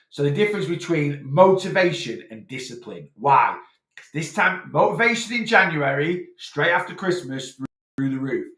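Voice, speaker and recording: A man's voice: fairly high pitch, fairly bright tone, reverberant. A man from Northwest England with a Lancashire accent, a weight loss coach answering questions in a live chat and checking in with "right?" as he explains. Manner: explanatory, peppers talk with "right?".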